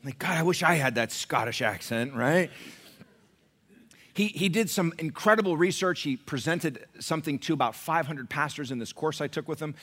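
A middle-aged American man preaching a sermon in a church, emphatic and joking, dropping to a hush and then rising loud. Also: on the high side, animated, normal speed. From United States. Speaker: pastor.

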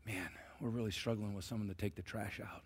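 A man voicing a gentle, pleading father who talks in a soft, hushed, mock-sincere way. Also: fairly low pitch, steady tone, fairly quick, background noise, pitched below the performer's own voice, lightly acted. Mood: coaxing.

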